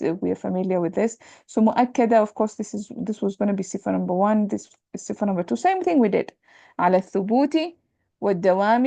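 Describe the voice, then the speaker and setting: Teaching Arabic grammar, this woman parses sentences patiently, alternates English and Arabic terms she repeats often, and checks in with her students. Her voice is medium-pitched and warm with vocal fry, on a dry recording.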